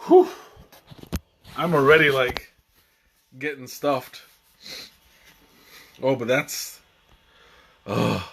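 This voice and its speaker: Slow-talking, halting male stream host. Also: medium pitch, fairly even intonation, a bit bright, slight background noise. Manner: halting, with frequent restarts and fillers; chatty and joking, often chuckling. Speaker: live-stream tea tasting host. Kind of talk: casual live-stream chat.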